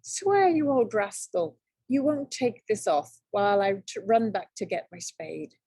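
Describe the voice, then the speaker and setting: A woman voicing a clever, boastful young farm lad in a read-aloud storybook, in an eager, bright voice. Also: medium pitch, animated, a little slow, slightly rough, dry recording. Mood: insistent.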